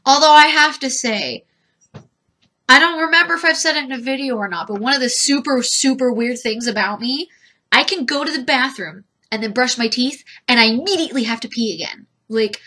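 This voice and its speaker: A woman's voice: high-pitched, fairly quick, sharp tone. A woman vlogging from home in a giggly, rambling chat, talking to her cat. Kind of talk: casual chat to camera.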